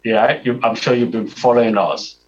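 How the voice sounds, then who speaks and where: A man's voice: mid-range voice, fairly even intonation, moderate pace, dull audio, a little hiss or hum. A man hosting a medical talk show, introducing guests formally. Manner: formal and welcoming. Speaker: host.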